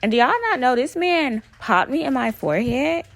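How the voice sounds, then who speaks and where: Gravelly woman telling a story. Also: sits high, normal speed, no echo. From Alabama. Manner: animated, profane, addresses listeners as y'all. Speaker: vlogger. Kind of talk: casual personal storytelling.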